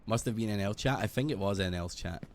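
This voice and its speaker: A British man streaming a game, chatting casually in a rambling, sweary, animated way. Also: on the low side, fast talker. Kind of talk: casual gaming stream chat.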